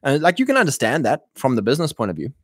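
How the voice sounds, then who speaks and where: A man's voice: medium pitch, huge pitch swings, very fast, dry recording. Rambling man talking, dry sound. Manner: rambling, acts out quoted voices; frequent throat clearing and restarts. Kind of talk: casual monologue.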